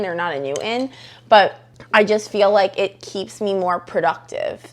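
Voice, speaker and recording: A young woman co-hosting a podcast, chatting casually in an easygoing, agreeable way. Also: medium pitch. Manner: easygoing, agreeable, quick asides. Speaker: podcast co-host. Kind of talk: casual chat.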